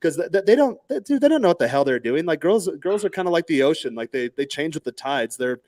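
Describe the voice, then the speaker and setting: A man's voice: a little high, big pitch swings, quick pace, darkish tone, no echo. A man hosting a casual podcast chat, rambling with many fillers and restarts. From United States.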